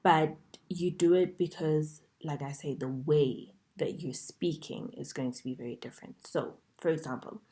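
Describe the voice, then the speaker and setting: A woman teaching an online masterclass in a chatty way, checking in with "okay?" and dropping into soft whispers at times. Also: low-pitched. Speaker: dating coach.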